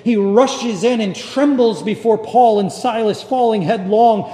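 Slow, echoey man preaching a sermon. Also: high voice, animated, warm tone. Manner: measured, dramatic preaching with long pauses. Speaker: pastor. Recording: echoey hall with long reverb.

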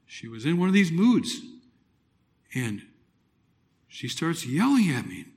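A middle-aged man preaching a personal testimony, telling it dramatically with loud exclamations and hushed, near-whispered moments. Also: on the high side, sing-song, takes it slowly. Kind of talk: sermon testimony.

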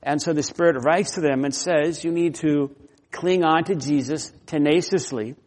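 A man's voice: fairly high pitch, normal speed, darkish tone. A man preaching a sermon with earnest, conversational delivery and personal stories. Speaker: pastor. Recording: long hall reverb.

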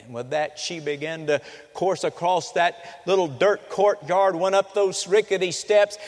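A man preaching a sermon with dramatic storytelling, changing pace and loudness. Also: sits high, measured pace. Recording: long reverb of a hall.

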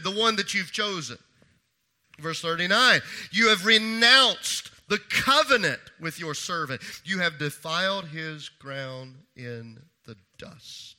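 High, bright-voiced man preaching. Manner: swings from hushed, slow emphasis to raised, urgent reading. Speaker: pastor. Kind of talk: sermon.

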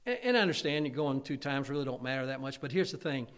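A man preaching a sermon as pastor, emphatic, his loudness rising and falling. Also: mid-range voice, animated, fast. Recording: long hall reverb.

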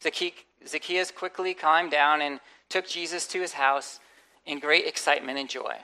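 A woman pastor with a low-sitting voice preaches a conversational sermon at a moderate pace. She's animated, acting out quotes and inner voices and tossing in humorous asides.

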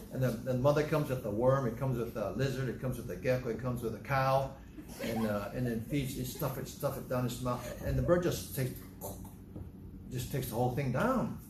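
A man of medium pitch delivers a Bible teaching sermon in an animated way, stopping to ask his listeners questions. The recording sits in an echoey room with a faint hum of ambience underneath. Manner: animated, asks the congregation questions. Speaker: preacher.

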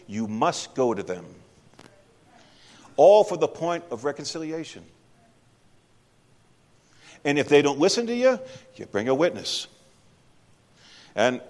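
A man preaching a sermon in a church, speaking conversationally and emphatically and putting questions to the congregation. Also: on the high side. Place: church sanctuary. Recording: long hall reverb.

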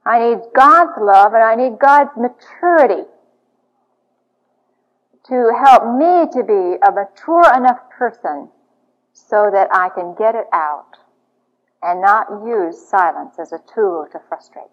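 A woman's voice: on the high side, lively intonation, slow pace. A woman speaking to an audience about marriage in an earnest, confessional storytelling manner. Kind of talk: teaching talk to an audience. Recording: dull lo-fi recording.

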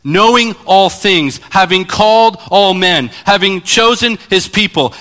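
Animated preacher in a reverberant hall. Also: male voice, high voice. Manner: animated, acts out Bible scenes. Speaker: pastor. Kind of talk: sermon.

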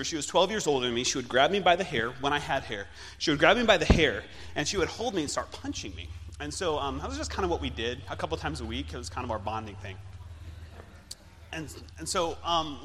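Young guy telling his faith story, bright voice, big echoey hall. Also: a little high, big pitch swings, a little fast, slight background noise. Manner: candid, self-deprecating storytelling. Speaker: speaker giving his testimony. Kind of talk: personal testimony talk. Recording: long hall reverb.

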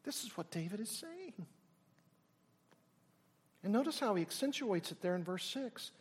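A middle-aged man preaching a sermon, swinging from loud exclamations down to near whispers. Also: high-pitched, very animated, normal speed, slightly rough. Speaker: pastor.

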